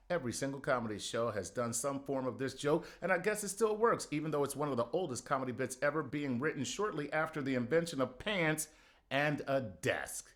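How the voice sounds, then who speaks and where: A man's voice: a little high, big pitch swings, normal speed. A middle-aged man doing a sarcastic comedy monologue, punchy, with sudden outbursts.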